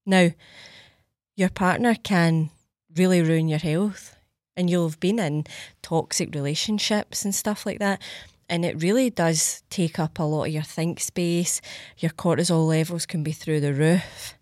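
A woman's voice: lowish voice, fairly even intonation, unhurried, a little mellow, no echo, clean studio sound. A young Scottish woman hosting a podcast, chatting casually, swearing freely and acting out little scenes. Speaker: podcast host. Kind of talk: casual solo podcast chat.

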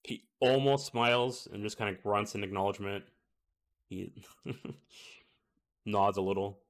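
Casual low-voiced game master. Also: male voice, measured pace. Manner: casual, many fillers. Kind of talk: narrating a tabletop game.

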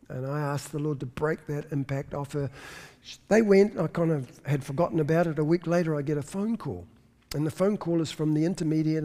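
A man's voice: a little high, mellow. Man preaching in a reverberant hall. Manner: storytelling preacher, emphatic, repeats words when searching. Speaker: pastor. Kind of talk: sermon.

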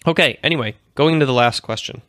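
A man's voice: mid-range voice, fast, pushed and bright, no room sound, studio quality. A man in his thirties hosting a livestream show, talking casually in a rambling, self-correcting way. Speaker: host.

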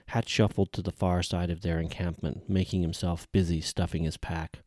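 A man reading a novel aloud in measured, even audiobook narration. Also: sits low, no room sound, studio quality.

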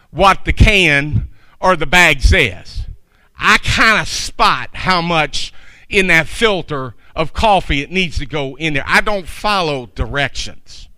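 A man's voice: fairly high pitch, sharp tone, smooth, dry recording. A man preaching a sermon in a folksy, chatty way, with asides to his congregation.

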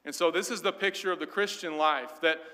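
A man's voice: on the high side, brisk, pushed and bright. A man teaching a Sunday school Bible class in an earnest, emphatic way, often repeating words as he goes. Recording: long hall reverb.

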